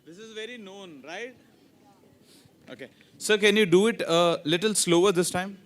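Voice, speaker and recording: A man's voice: sits high, normal speed. A man hosting a ceremony, playful and teasing as he quizzes teachers with tongue twisters. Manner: playful, switches between English and Hindi. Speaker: event host. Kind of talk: lively emcee hosting a quiz game. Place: large hall at a ceremony.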